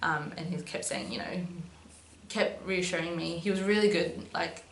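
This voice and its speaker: Speaking at normal speed with vocal fry, a young woman with a fairly low voice shares a personal story for her vlog. It's chatty and casual, full of "um"s and "but yeah"s, and the recording carries echo and a faint hum.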